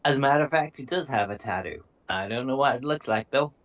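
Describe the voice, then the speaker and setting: A man's voice: mid-range voice, animated, fast talker. A man narrating a tabletop game as game master, casual and easygoing.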